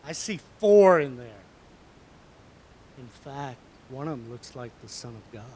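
Slow-talking pastor telling kids a story. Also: male voice, medium pitch. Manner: animated, conversational, with hushed asides. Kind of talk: children's sermon storytelling.

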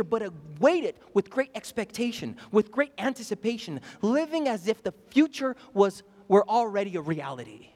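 A man's voice: high voice, darkish tone. A young man preaching a sermon as pastor, emphatic and repeating phrases, asking the congregation questions. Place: church sanctuary. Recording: hall reverb.

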